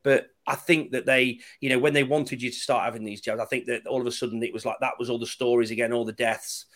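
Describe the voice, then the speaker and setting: A man in casual chat, an animated, sardonic storyteller who swears freely. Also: medium pitch, quick pace.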